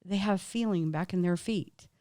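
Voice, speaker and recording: A woman's voice: fairly low pitch, moderate pace, dark tone, no echo, studio quality. A woman acupuncturist, a guest in an interview, telling stories in a heartfelt, emotional way. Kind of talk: casual interview conversation.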